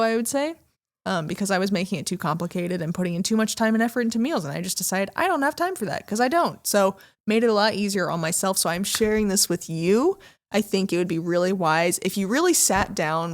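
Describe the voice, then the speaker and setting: A woman from the American Midwest co-hosting a podcast, chatting casually and animatedly with many fillers. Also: medium pitch. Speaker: podcast co-host. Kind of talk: casual chat.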